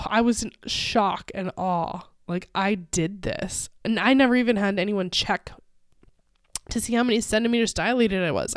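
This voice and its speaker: Smooth-voiced woman telling a story. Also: mid-range voice, no echo, clean studio sound. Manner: casual, many fillers, laughs often. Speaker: podcast host. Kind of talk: personal storytelling.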